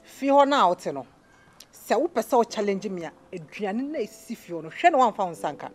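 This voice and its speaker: A woman's voice: medium pitch, lively intonation, brisk, close to an everyday voice. An actress with a Ghanaian accent playing a fiery young woman who mocks and quarrels, switching between English and Twi. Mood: defiant. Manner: sharp, mocking, mixes English and Twi. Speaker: housemate in a drama series. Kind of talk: Ghanaian TV drama acting. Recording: music playing under the dialogue.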